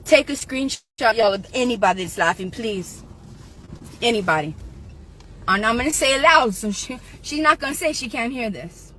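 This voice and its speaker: A woman outdoors in front of her house, ranting on a livestream at a neighbor, swearing and often shouting. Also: a little high, expressive, moderate pace, a little hiss or hum. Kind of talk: angry livestream rant.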